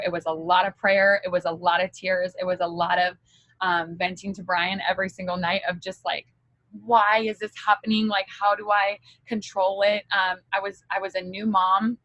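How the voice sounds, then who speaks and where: A woman's voice: lowish voice, a bit bright, no echo, rough recording. A woman giving a candid motivational talk as a direct-sales team leader, chatty and full of fillers.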